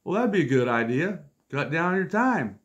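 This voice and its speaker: A man in his fifties telling funny stories about his friends in a casual, exasperated, deadpan way, with wry asides. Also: fairly high pitch, normal speed, dull audio. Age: 50s. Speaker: storyteller vlogger. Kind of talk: casual comic storytelling.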